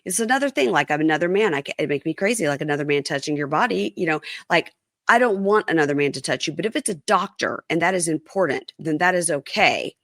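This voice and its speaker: A woman's voice: low voice, lively intonation, fast, fairly bright tone, dry recording, clean studio sound. A woman quoting a stubborn young husband. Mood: insistent. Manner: quoted in a casual recap.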